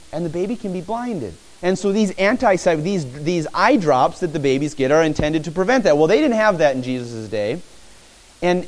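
A man preaching a sermon in a church, animated and acting out pleading cries. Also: on the high side, poor audio.

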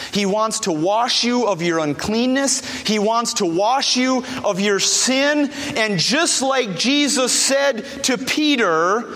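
A man's voice: very high voice, fairly bright tone. A middle-aged man preaching a sermon as pastor, emphatic, repeating his key phrases, recorded in a church. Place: church sanctuary. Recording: long reverb of a large hall.

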